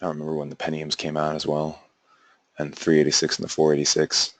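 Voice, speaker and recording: A man's voice: rumbling low, monotone, quick pace, dry recording. A young man teaching a class, talking loosely with lots of fillers and restarts. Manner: rambling, many fillers and restarts. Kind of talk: classroom lecture.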